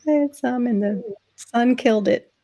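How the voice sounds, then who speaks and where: Chatty, gravelly woman host. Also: fairly high pitch, normal speed, mellow, dry recording. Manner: chatty, laughs often. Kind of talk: casual chat.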